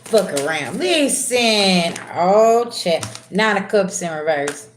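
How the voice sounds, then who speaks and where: A woman reading tarot on a live stream, slangy and chatty, calling her viewers "babies" and swinging from low murmurs to loud, excited bursts. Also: slow, a little hiss or hum. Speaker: tarot reader. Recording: roomy echo.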